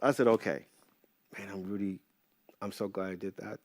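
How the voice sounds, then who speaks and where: A middle-aged man as an interview guest, telling casual stories in an animated way, swearing freely and acting out what others said. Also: on the low side, moderate pace, dry recording. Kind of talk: casual storytelling.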